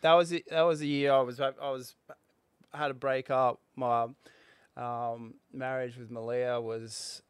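A man in his forties, a former pro surfer, telling a story in a halting way, with restarts and fillers. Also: medium pitch, flat delivery, smooth, dry recording. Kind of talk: casual interview storytelling.

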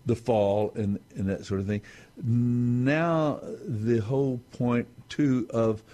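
A man explaining scripture on a talk show in a halting, measured way with many restarts. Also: medium pitch, mellow. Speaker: Bible teacher on a talk show. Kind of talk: unscripted Bible discussion.

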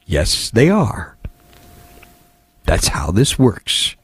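Sardonic talk radio host, lively pitch. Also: male voice, drawn-out words, slightly rough, no room sound. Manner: sardonic, exasperated commentary. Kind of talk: talk radio, reading listener texts.

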